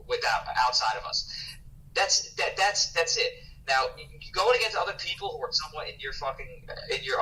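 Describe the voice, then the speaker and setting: Male livestream ranter, piercing bright tone, profane and emphatic, set back from the mic with faint noise behind. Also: medium pitch, distant mic, rough recording. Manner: emphatic, profane, repeats words, calls listener bro. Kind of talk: heated casual livestream rant.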